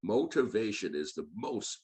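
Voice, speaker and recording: A man chatting casually as a podcast guest, telling stories and slipping into quick impressions of movie villains. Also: fairly low pitch. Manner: animated storyteller who slips into impressions of movie villains. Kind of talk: casual chat.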